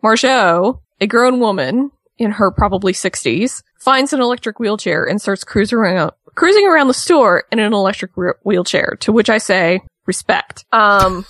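A woman in casual chat, telling a story in an animated way and acting out what people said. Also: medium pitch, moderate pace, few pauses, no echo, clean studio sound. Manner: animated storytelling with acted-out quotes. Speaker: podcast co-host recapping a reality show.

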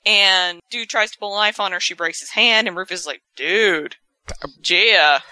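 A woman's voice: medium pitch, normal speed, bright, forceful tone, no echo. A woman co-hosting a casual chat, animatedly retelling a story and acting out the characters' lines. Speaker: podcast co-host recapping a TV episode.

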